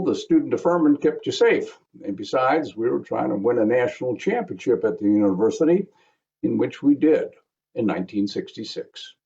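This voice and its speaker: A man's voice: medium pitch, dark tone, muffled recording. A man in his seventies giving a remembrance speech as a guest speaker, telling a personal story with wry asides. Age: 70s.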